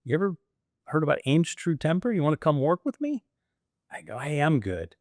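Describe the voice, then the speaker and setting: Animated man telling career stories. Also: on the high side, brisk, dry recording, clean studio sound. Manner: animated, acts out quoted dialogue. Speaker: guest. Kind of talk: storytelling interview.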